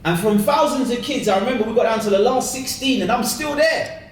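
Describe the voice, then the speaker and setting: High-voiced London man telling his story. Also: fairly quick, slight background noise. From South London. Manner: lively, slangy, acts out voices with laughter. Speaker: speaker sharing his conversion story. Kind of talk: animated personal storytelling talk. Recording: echoey hall, distant mic.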